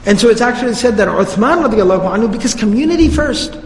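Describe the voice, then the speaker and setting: A man's voice: high-pitched, quick pace. A man telling religious history stories in a casual, conversational lecture with slangy asides. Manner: conversational, slangy, animated storytelling. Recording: reverberant hall.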